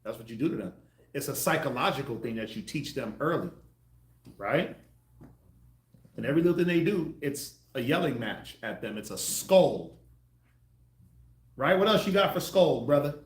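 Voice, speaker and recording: A man preaching to a group, acting out the voices he quotes with sudden loud bursts. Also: medium pitch, lively intonation, moderate pace, pauses often, roomy sound. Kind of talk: street sermon teaching.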